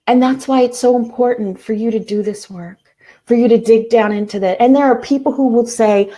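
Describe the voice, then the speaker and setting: A woman's voice: fairly high pitch, mellow. Earnest woman hosting a self-help talk. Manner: earnest, repeats slow affirmations. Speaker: self-help show host.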